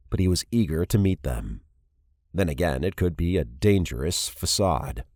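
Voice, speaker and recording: A man narrating an audiobook in a steady storytelling manner. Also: sits low, no echo, clean studio sound. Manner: steady storytelling, varied character reads. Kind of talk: scripted narration.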